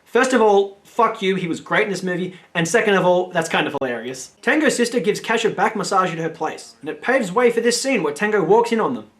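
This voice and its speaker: A man's voice: high voice, expressive, brisk, fairly bright tone. A man hosting a film review video, giving blunt, sarcastic scripted commentary and swearing casually.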